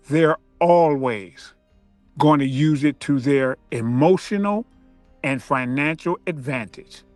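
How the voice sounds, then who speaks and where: A man hosting his channel, giving an emphatic, preachy commentary monologue with drawn-out repetition. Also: on the high side, a little mellow, no room sound. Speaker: channel host.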